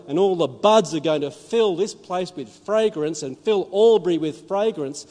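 A man preaching to a congregation, his slightly high voice carrying through a church hall with a long reverb. He moves between telling stories and pressing his points home with emphasis. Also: darkish tone. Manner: storytelling, rising to emphatic preaching. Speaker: pastor. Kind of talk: sermon.

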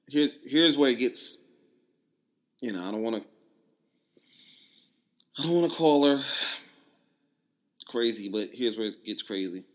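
A man's voice: mid-range voice, expressive, measured pace, pauses often. A man hosting a show, telling a personal story in a candid, profane, rambling way. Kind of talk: casual storytelling. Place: Toronto.

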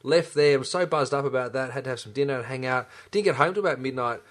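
A man's voice: mid-range voice, fast, fairly bright tone. An enthusiastic middle-aged man, a chiropractor talking casually as podcast co-host, with lots of restarts. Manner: enthusiastic, chatty, many restarts. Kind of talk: casual chat.

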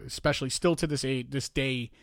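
A man's voice: mid-range voice, fairly quick, no echo, clean studio sound. A man co-hosting a casual podcast chat. He tells stories with swearing and acts out what other people said. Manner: animated, profane storyteller who acts out other people's lines. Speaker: podcast co-host.

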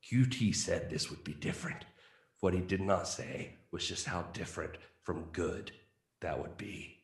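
A man's voice: low-pitched, unhurried, voice pushed down. A man voicing a pompous British male film reviewer with a put-on British accent and a theatrical, indignant delivery. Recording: roomy echo.

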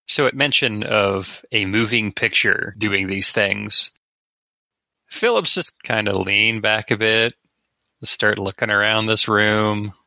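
A man's voice: lowish voice, steady tone, slow pace, gravelly, pushed and bright, dry recording, dull audio. A man narrating his character's actions in a plain, matter-of-fact way as a tabletop player.

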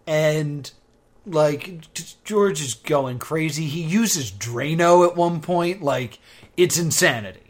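A man casually recapping a TV episode with a co-host, animated when quoting scenes. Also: fairly high pitch, slow pace. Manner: animated retelling, bursts into loud quoted exclamations. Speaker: podcast co-host. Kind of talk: casual chat recapping a TV show.

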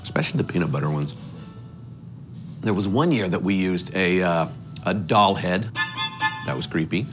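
A man playing a goofy, oblivious dad in a comedy sketch, rambling with a bouncy, sing-song lilt. Soft music hums underneath him. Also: low-pitched, moderate pace, pauses often. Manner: excitable, rambling, lively delivery.

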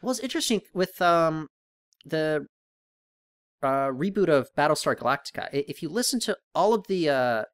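A man co-hosting a podcast in casual chat, thinking aloud and rambling with restarts and animated questions. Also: on the high side, moderate pace, no room sound, studio quality. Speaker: podcast co-host.

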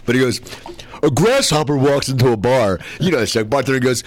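A man hosting a casual talk show, rambling and stammering as he tells stories with excitement. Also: mid-range voice, fairly quick. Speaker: host. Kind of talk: casual chat.

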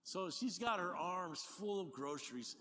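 An older man preaching a sermon as pastor, talking in a conversational, animated way with folksy asides. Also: sits high, unhurried, slight background noise. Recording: long hall reverb, faint ambience.

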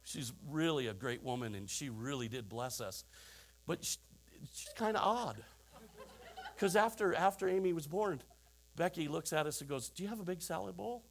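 A man's voice: on the high side, animated, normal speed, a little hiss or hum. A middle-aged man preaching a sermon, telling stories with chuckling asides and rhetorical questions to the congregation. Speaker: pastor.

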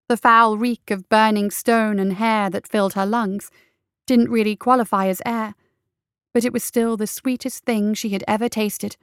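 A woman reading fantasy narration for an audiobook in a steady, measured way. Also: medium pitch, clear, resonant tone, dry recording, studio quality.

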